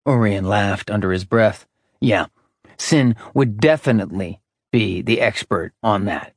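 A man's voice: on the low side, a little slow, breathy edge, no room sound, studio quality. A man narrating fiction in a scripted audiobook reading, switching between character voices. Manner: lively, character-voicing narration.

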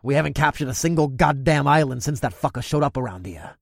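Man doing a gravelly brutish orc warrior. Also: mid-range voice, expressive, fast, no room sound, studio quality. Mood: gruff. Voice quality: gravelly, growling. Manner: boastful and crude.

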